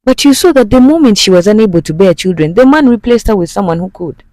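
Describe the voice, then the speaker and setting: A man hosting a movie recap, retelling the plot in a casual, animated way and speaking straight to viewers. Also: high-pitched, fast talker, no echo.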